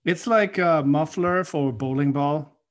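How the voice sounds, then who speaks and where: Male host, higher voice, jokey banter, swears freely. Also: a little slow. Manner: joking, profane banter. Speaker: podcast host. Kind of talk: casual chat.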